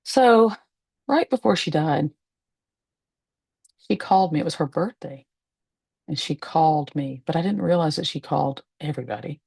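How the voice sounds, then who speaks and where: Gravelly, husky woman telling her story. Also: deep voice, animated, no room sound. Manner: candid and emotional, with pauses and soft laughs. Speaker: medium and spiritualist. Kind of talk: personal storytelling to camera. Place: at home, seated in a rocking chair.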